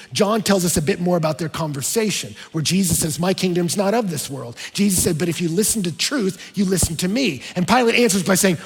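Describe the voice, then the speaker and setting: A male pastor preaching an expository sermon, moving between hushed low passages and emphatic raised ones. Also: quick pace, few pauses, slightly rough. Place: large church auditorium. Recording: church hall reverb.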